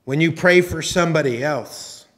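A man delivers a sermon as a church pastor. His voice sits slightly high for a man, and he talks in a conversational, halting way, restarting phrases and dropping in teasing asides. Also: a bit bright. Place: church sanctuary.

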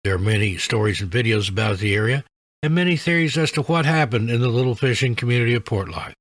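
A man's voice: medium pitch, dry recording. Man narrating eerie tales, dry and close. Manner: measured, even storytelling delivery. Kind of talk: scripted narration of scary stories.

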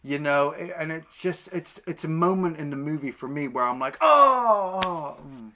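A man's voice: a little high, brisk, noisy background. Chatty man retelling a film. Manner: animated retelling, acting out scenes. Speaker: film review podcast co-host. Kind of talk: casual film discussion.

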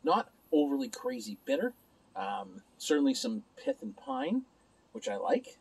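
A man rambles through a casual beer review on his own at home, talking to his viewers and sometimes to himself. His voice sits high and moves around a lot. It has a husky, gravelly edge. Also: huge pitch swings, unhurried, a little mellow, poor audio. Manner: chatty, rambling, talks to himself. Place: alone at home.

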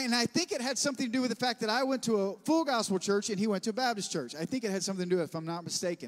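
A man, preaching a sermon as pastor and telling stories in an animated way, calling the congregation for amens. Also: sits high. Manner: animated storytelling, bursts of loud laughter; preacher who calls for amens. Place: church sanctuary. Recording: long church-hall reverb.

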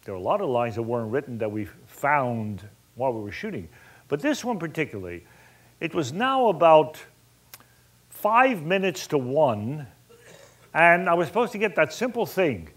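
A man's voice: fairly high pitch, moderate pace. A man, a film director, telling an anecdote to an audience and acting out bits of dialogue. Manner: animated, colorful storyteller who acts out dialogue.

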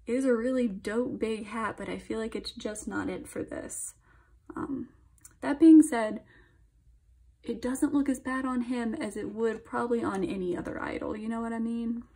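A young woman chatting through an album unboxing, gushing and chatty, sometimes dropping into soft whispers. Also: on the high side, fairly even intonation, normal speed, slightly rough. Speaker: K-pop album reviewer. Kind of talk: casual unboxing commentary.

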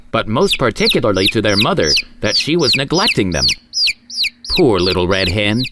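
A man hosting a story show and reading a children's tale aloud in an expressive, sing-song way. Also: medium pitch, very noisy. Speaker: storyteller host.

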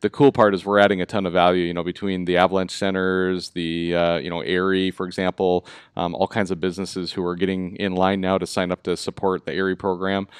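A man's voice: deep voice, little pitch movement, a little fast, few pauses, clear, resonant tone, dry recording, studio quality. Chatty Minnesota man hosting a live show. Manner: upbeat, chatty, lots of fillers. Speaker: host. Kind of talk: casual live show chat.

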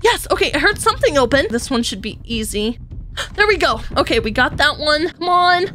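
A woman gaming YouTuber playing through Minecraft, chatty and excitable, gasping at her wins. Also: high voice, brisk, slight background noise. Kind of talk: Minecraft let's play with roleplay. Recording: faint music underneath.

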